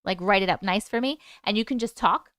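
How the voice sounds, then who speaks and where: A woman's voice: mid-range voice, a little fast, a bit bright, no room sound, clean studio sound. A woman hosting a casual livestream chat, upbeat and chatty as she answers viewer comments. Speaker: livestream host.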